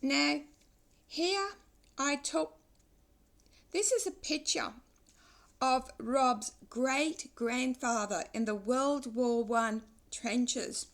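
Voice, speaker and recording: Slow, high-voiced woman in her sixties. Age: 60s. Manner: reflective, wandering speech with pauses and restarts. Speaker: vlogger. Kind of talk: reflective personal vlog.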